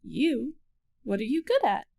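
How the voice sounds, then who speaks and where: A woman voicing a tired, kindly male owl schoolteacher in a children's storybook reading, gentle and drowsy. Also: high-pitched, very animated, measured pace, voice pushed up, heavily acted. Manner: sleepy, yawning, gentle. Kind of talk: children's storybook read-aloud.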